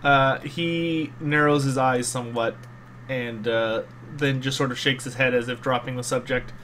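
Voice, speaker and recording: A man's voice: medium pitch, fairly even intonation, moderate pace, a bit bright, a little hiss or hum. A man narrating as game master of a tabletop game, talking with frequent ums and uhs. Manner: hesitant, many ums and uhs.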